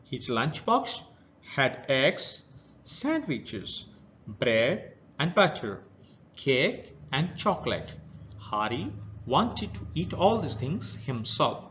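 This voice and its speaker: A man with an Indian English accent teaching a children's story. He reads each passage, then explains it in plain words at a very slow, careful pace, with a fairly high voice that moves up and down a lot. The recording sounds dull and lo-fi. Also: big pitch swings, a bit bright, slight background noise. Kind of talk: reading a story aloud and explaining it.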